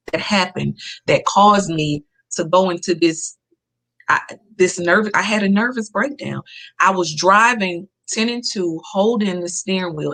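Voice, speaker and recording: A woman's voice: lowish voice, a bit bright. A woman, a podcast guest telling a personal story in an earnest, emphatic way and repeating key phrases.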